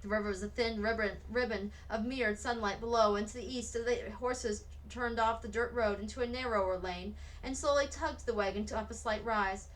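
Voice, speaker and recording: A woman reading a children's novel aloud at a steady storybook pace. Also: on the high side, fairly quick, few pauses, rough recording. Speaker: read-aloud narrator.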